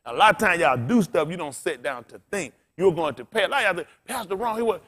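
A man preaching a sermon in a high, bright voice that cuts through the room. He talks bluntly and casually, swears freely and keeps throwing questions at his listeners. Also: lively intonation, quick pace. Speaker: pastor.

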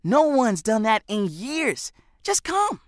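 A man's voice: very high-pitched, slow, no echo, clean studio sound, voice pushed up, full character voice. A man doing an eager, pleading schoolboy. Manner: pleading, excited. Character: eager chatty middle school boy teammate.

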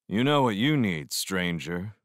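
A man's voice: deep voice, sing-song, unhurried, dry recording, clean studio sound. A man reading aloud and voicing an easygoing, cheerful young man with a breezy, light delivery.

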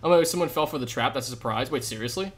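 A young man live-streaming a game, chatting with viewers in a jokey, rambling way with sudden loud outbursts. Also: medium pitch, very fast. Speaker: gaming streamer. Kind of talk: live gameplay commentary with chat.

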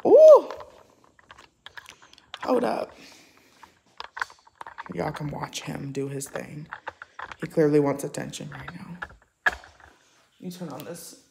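A woman's voice: deep voice, sing-song, takes it slowly, creaky, pauses often, mellow, slight background noise. A woman vlogging casually at home, chatting with her live viewers, reading their comments aloud and talking to her cat. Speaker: livestream vlogger. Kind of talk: casual live-chat vlog. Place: at home indoors.

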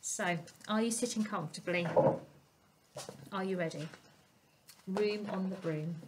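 A woman storyteller reading a picture book aloud to young children, expressive and asking them questions. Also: medium pitch, a little slow, heavy background noise. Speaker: family centre storyteller.

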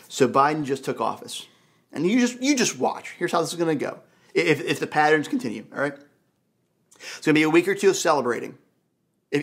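A man with a high voice, preaching a sermon to his church. He talks in a lively, conversational way and keeps firing rhetorical questions at the congregation. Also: slightly rough. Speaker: pastor.

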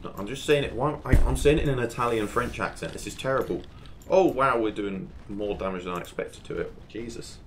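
A man giving casual gameplay commentary, chatting to himself as he plays and breaking into excited exclamations. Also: lowish voice, fast, hardly any pauses, a little hiss or hum. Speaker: gaming channel host.

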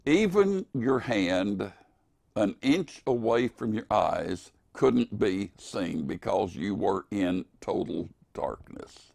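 An older man preaching an evening devotional in a slow, earnest, emphatic way. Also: fairly low pitch, animated, creaky, a little mellow, dry recording, studio quality.

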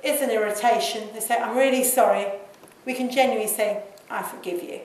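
A woman preaching to a church, talking conversationally and softly acting out short prayers. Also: on the high side, steady tone, brisk. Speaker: guest speaker. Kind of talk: sermon. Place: church hall. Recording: echoey hall from far off.

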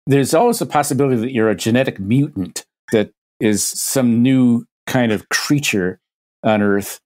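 A man's voice: medium pitch, moderate pace, darkish tone. A man, a guest expert on a podcast, explaining ideas through hypothetical examples, thinking aloud with frequent restarts.

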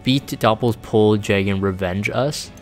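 Over faint background music, a man with a lowish, unhurried voice chats casually on a live stream. He reads the chat aloud and rambles in a laid-back way, full of fillers.

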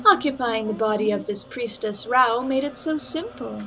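A woman's voice: a little high, moderate pace, close to an everyday voice, low-quality recording. A woman voicing a sly, gloating evil fox spirit in a video game. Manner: gloating, scheming. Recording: game music behind voice.

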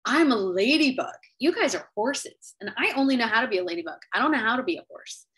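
A woman voicing a gentle little boy ladybug who calmly reassures his crying mother, in a sweet, lifted voice. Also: fast talker. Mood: puzzled, reassuring. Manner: sweet, reassuring, higher than her own voice.

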